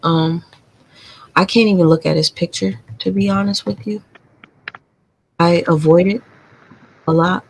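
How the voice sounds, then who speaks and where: A woman's voice: on the low side, steady tone, a little slow, pauses often, a little hiss or hum, poor audio. A woman hosting a live stream, telling a painful family story in a candid, confiding and profane way. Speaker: livestream host.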